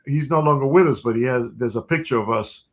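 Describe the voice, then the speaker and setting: A man, a guest musician telling stories in an interview, animated and quick to laugh. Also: medium pitch. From New York City. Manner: animated storyteller who laughs often. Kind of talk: storytelling in an interview.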